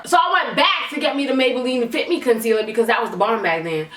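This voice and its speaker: A woman's voice: sits high, quick pace, few pauses. Young woman storyteller, blunt and swearing, recorded in an echoey room. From Canada. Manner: animated, candid and profane. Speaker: vlogger. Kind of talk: storytime vlog. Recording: echoey room, mic at a distance.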